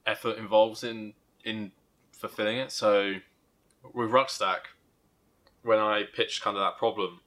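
A young man co-hosting a podcast, thinking aloud in casual chat with restarts and soft laughs. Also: on the low side, level tone, a little slow. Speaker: podcast co-host.

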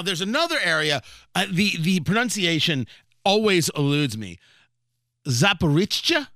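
Brief: sarcastic male news host, bright lively voice, dry close sound. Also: fairly high pitch, dry recording. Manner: sarcastic, animated, repeats himself. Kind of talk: comedic news commentary.

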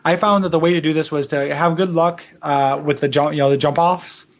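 Male podcast co-host, slightly higher voice, rambling casual chat with lots of laughs. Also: steady tone. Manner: rambling, halting, laughs often.

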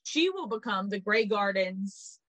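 A woman co-hosting a podcast in casual gossip chat, animated and swearing, acting out quotes in little voices. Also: medium pitch, measured pace, dry recording, poor audio. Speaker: podcast co-host.

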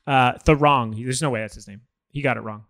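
A man's voice: fast, gravelly, a bit bright, no room sound. A man co-hosting a podcast in casual chat, joking and laughing often. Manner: joking, laughs often, quotes movie lines in a higher voice. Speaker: podcast co-host.

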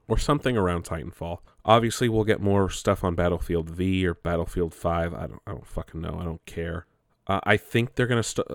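A man's voice: low-pitched, dry recording, studio quality. A man giving casual, rambling commentary, often restarting his sentences and swearing offhand. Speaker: gaming commentator.

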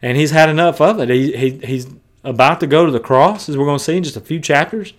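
A man's voice: fairly high pitch, fast talker. A male preacher giving a sermon, emphatic and conversational, mixing scripture with colloquial asides.

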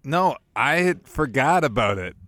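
A man's voice: mid-range voice, lively intonation, unhurried, pushed and bright. A man with a mid-range voice co-hosts a casual podcast, playful and joking as he chats. The sound is dry and close, with no echo around him. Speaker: podcast co-host. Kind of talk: casual chat.

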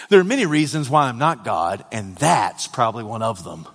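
A man preaching a sermon, swinging dramatically from hushed, quiet lines to loud, shouted ones. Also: medium pitch, expressive, brisk, hardly any pauses. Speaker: pastor. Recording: long hall reverb.

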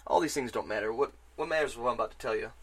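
A man in casual podcast chat about a video game, rambling and excitable, swearing freely. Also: medium pitch, rapid-fire, husky.

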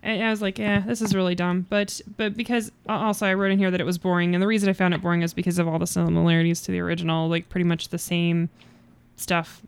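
A woman's voice: lowish voice, flat delivery, fast, clean tone. A woman co-hosting a casual film podcast, candid and blunt, swearing freely. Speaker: podcast co-host.

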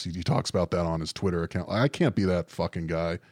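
Young guy with a really low voice riffing sarcastically, swears a lot, dry close sound. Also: fast, few pauses, darkish tone, no room sound. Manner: rambling, sardonic, profane, lots of fillers. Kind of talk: casual chat.

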